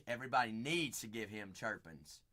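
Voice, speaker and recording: Against background noise, a man with a lowish, expressive voice hosts a live card break at a fairly quick pace. He reels off buyers' names in playful, sing-song patter with sudden loud bursts.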